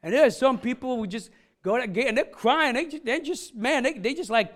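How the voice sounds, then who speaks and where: A man's voice: extremely high pitch, expressive, fairly quick, fairly bright tone. A middle-aged man preaching a casual, joking sermon, chatty and rambling with many asides. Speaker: pastor.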